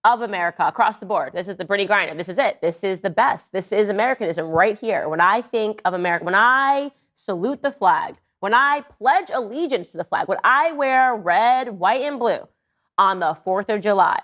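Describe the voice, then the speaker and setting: A woman's voice: mid-range voice, lively intonation, a little fast, fairly bright tone. Sarcastic woman political commentator. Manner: sarcastic, mocking, emphatic.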